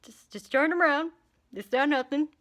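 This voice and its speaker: Woman voicing a naughty, uncaring ancient male god; low, muttered, swearing asides. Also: animated, moderate pace, a bit bright. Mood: offhand.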